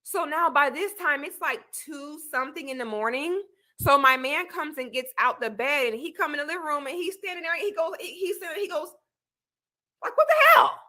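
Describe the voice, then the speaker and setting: A young woman streamer telling a story as she reacts to a clip, expressive and laughing as she acts out what people said. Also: high voice, fairly quick. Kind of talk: animated storytelling commentary.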